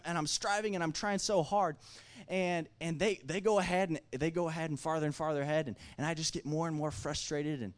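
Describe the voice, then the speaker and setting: Excitable man telling a story. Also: fairly high pitch. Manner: excitable, swings loud and back, many restarts. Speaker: speaker telling a family story at a mic. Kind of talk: animated personal storytelling.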